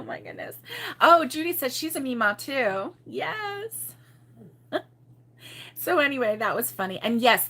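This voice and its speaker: A woman's voice: medium pitch, sharp tone. A middle-aged woman hosting a crochet channel, telling a story in casual live chat with viewers and laughing often.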